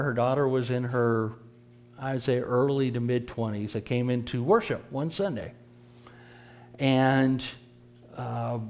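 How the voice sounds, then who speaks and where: A man's voice: medium pitch, darkish tone. A man preacher teaching a church class lesson, conversational and repeating words for emphasis.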